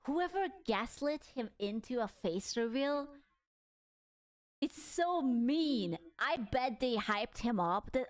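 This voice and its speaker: Co-host, female, blunt and teasing reactions, slangy, slightly high voice. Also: lively intonation, takes it slowly. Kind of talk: casual reaction chat.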